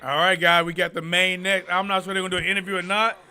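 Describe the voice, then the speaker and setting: A man giving casual live commentary on a boxing card, excitable and slangy, talking back to the screen and his viewers. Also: high-pitched, quick pace.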